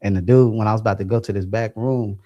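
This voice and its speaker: Animated laughing man telling a story. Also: on the low side, fast, dull audio. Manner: animated, laughing, acts out quotes. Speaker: podcast co-host. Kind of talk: casual storytelling.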